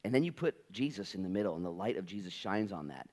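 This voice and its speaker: A male pastor preaching a sermon in an animated, conversational and playful way. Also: low voice, quick pace.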